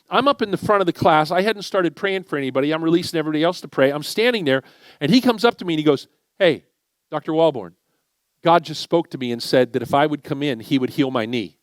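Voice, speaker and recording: Lively, higher-voiced male preacher. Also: no room sound. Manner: animated, conversational, acts out dialogue. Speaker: guest preacher. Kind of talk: storytelling sermon. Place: church sanctuary.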